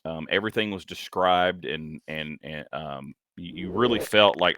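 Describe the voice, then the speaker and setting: A man's voice: deep voice, moderate pace, bright, forceful tone, no echo, studio quality. A man in his forties co-hosting a comic podcast, talking casually with lots of ums and restarts. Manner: hesitant, many ums and restarts. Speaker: podcast co-host. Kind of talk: casual comic review chat.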